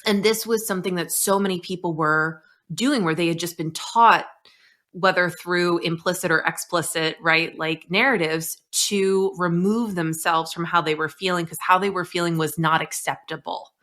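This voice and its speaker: A woman's voice: lowish voice, fairly even intonation, normal speed, fairly bright tone. A woman hosting a podcast conversation, a former therapist talking candidly and animatedly, swearing casually. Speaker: podcast host.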